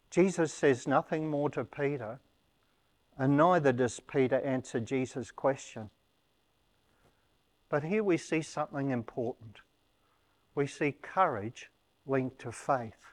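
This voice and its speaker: A man preaching a sermon, explaining a scripture passage in a measured, teaching manner. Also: medium pitch.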